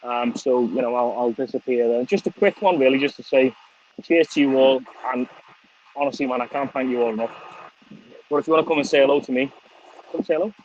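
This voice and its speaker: A man's voice: medium pitch, fairly quick, darkish tone. A middle-aged man with a Scouse accent talks casually on a livestream while outdoors on a windy, sunny day. He swears often and thanks his viewers one by one. The audio is a bit dull and lo-fi, with faint noise behind him. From England. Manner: swears freely, chatty, thanks viewers by name. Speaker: vlogger. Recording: slightly dull lo-fi stream audio.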